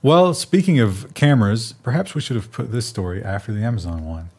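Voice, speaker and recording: A man's voice: fairly low pitch, lively intonation, fairly quick, darkish tone, breathy edge. A man co-hosting a tech news show in casual chat, making dry, sarcastic jokes.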